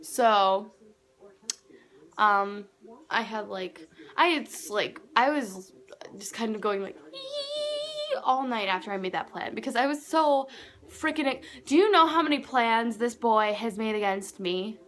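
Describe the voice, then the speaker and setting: A woman's voice: a little high, moderate pace, a bit bright. A teenage girl telling a story to camera at home in a casual, chatty way, acting out what people said. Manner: chatty, acts out quoted dialogue. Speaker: vlogger.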